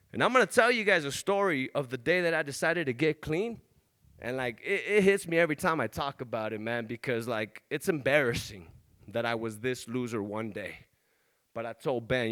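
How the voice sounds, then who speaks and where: Raw, candid bright-voiced man. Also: mid-range voice. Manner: candid, emotional, profane street talk, rising to urgent exhortation. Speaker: motivational speaker. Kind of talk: personal testimony talk.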